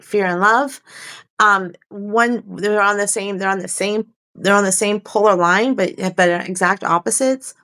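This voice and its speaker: A woman coaching on a live stream, talking in a soft, reflective way and often repeating her phrases. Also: medium pitch. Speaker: life coach.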